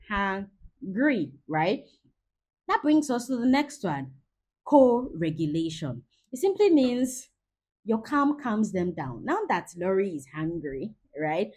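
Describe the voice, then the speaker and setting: A woman in her forties giving a lively parenting talk, acting out everyday scenes as she coaches. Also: medium pitch, breathy edge. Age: 40s. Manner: lively, acts out scenes with quoted voices.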